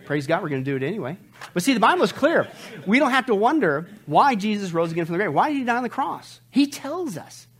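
A man preaching a sermon, joking with the congregation, reading funny lines aloud, laughing and shouting now and then. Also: high-pitched, sing-song, fast talker, husky. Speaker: pastor. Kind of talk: humorous sermon.

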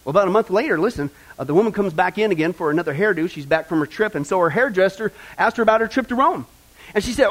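A man preaching a sermon as pastor, animated, asking the congregation questions and acting out the voices in a joke. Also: sits high, fast.

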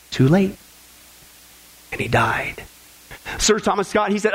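A man's voice: sits high, lively intonation, measured pace, pauses often, fairly bright tone, breathy edge, poor audio. A man preaching a sermon with emphatic, repeated phrases, speaking directly to the congregation.

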